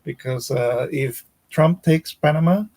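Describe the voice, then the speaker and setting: A man joining a casual chat as a guest, telling a short story in a measured, dry way. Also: on the high side, a little mellow, low-quality recording.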